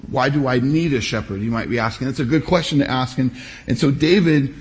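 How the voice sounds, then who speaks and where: A pastor giving a sermon, preaching in a measured, emphatic way with deliberate pauses. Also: male voice, mid-range voice.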